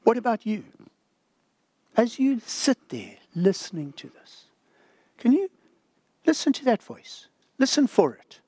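Dramatic, high, animated older preacher. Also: male voice, a little slow, long pauses, husky, no room sound. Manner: dramatic, drops to a whisper for the inner voice. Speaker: pastor. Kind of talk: sermon.

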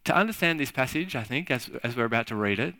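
A man preaching a sermon in a halting, repetitive way, acting out little scenes as he talks. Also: mid-range voice, lively intonation, sharp tone, no room sound. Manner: halting, repeats words, acts out little scenes. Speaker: pastor. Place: church.

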